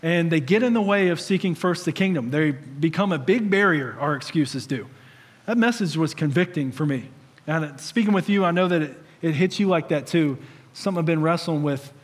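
Man in his 30s giving a chatty funny sermon, kinda high voice, long hall reverb. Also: expressive, moderate pace. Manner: conversational, humorous storytelling. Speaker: pastor.

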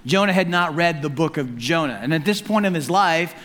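A man preaching a sermon as pastor in an animated, conversational and humorous way. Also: on the high side, a little fast. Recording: long hall reverb.

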